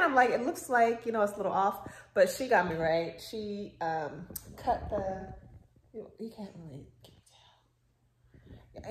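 A woman chatting casually to her viewers while doing her hair at home. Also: medium pitch. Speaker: vlogger. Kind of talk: casual vlog chat. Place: at home indoors. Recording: echoey room, faint background noise.

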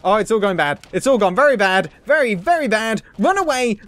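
A young man commentating his own gameplay, excitable, swearing and joking at himself. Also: high-pitched, quick pace, hardly any pauses, no echo. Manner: excitable, swearing, self-mocking jokes. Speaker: gaming video host. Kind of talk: let's play commentary.

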